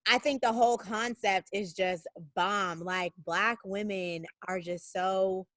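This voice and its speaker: A woman's voice: medium pitch, steady tone, takes it slowly, fairly bright tone, dry recording. A woman hosting a podcast over a video call, effusive and enthusiastic, repeating phrases for emphasis. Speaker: podcast host. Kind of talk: casual video-call interview.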